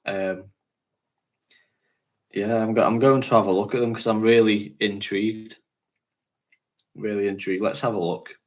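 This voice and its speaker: A man's voice: on the low side, fairly even intonation, normal speed, long pauses. Chatty man. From North West England. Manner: chatty, rambling, laughs often. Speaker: fragrance channel host. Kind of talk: casual livestream chat.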